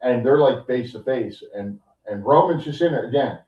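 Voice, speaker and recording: A man co-hosting a podcast who recaps a show in casual, animated chat full of "like" and "you know". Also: medium pitch, normal speed, far from the mic. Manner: animated storytelling with many fillers. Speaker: podcast co-host. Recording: dull, roomy sound from off-mic.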